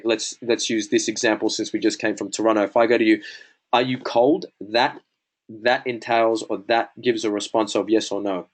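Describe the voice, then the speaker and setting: Chatty man coaching sales. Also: lowish voice. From Australia. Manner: chatty, acts out sample dialogues, lots of "bro" and "man". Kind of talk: casual teaching talk.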